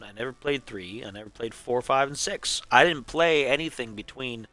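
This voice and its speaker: A man's voice: mid-range voice, normal speed, bright, forceful tone, no room sound, faint music behind. A man giving wry, rambling running commentary while he streams a game. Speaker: streamer playing through a game marathon. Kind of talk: casual live-stream commentary.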